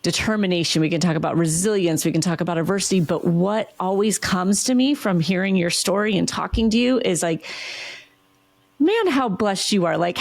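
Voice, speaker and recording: A woman hosting an interview podcast who speaks warmly and affirmingly to her guest. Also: mid-range voice, creaky, no room sound. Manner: affirming, enthusiastic listener. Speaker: podcast host.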